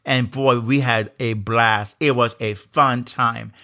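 A man's voice: mid-range voice, fairly even intonation, takes it slowly, bright, forceful tone. A man with a Jamaican accent hosting a motivational leadership podcast, earnest and emphatic, often asking rhetorical questions. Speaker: podcast host.

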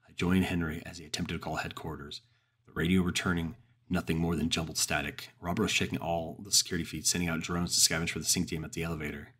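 A man with a very deep voice tells a campfire horror story in the first person. His voice is husky and low, and he keeps a slow, grave pace. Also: flat delivery, a bit bright. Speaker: narrator.

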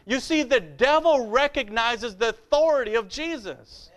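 A man's voice: extremely high pitch, expressive, moderate pace, few pauses, a bit bright. A male pastor preaching a fiery sermon, emphatic and repetitive, with rhetorical questions.

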